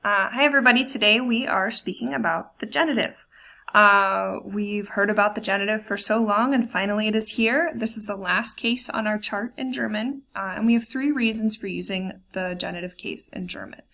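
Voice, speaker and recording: Woman German teacher, slide lesson, gravelly edge, filler-heavy plain explaining. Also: mid-range voice, pushed and bright. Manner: slows down for German example words.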